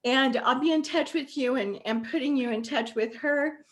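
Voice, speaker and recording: A woman's voice: high-pitched, moderate pace. A woman hosting a masterclass over a video call, talking affectionately and getting emotional, calling the listener sweetie and honey. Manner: warm, affectionate, tearful at times. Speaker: masterclass host. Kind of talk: live video call talk.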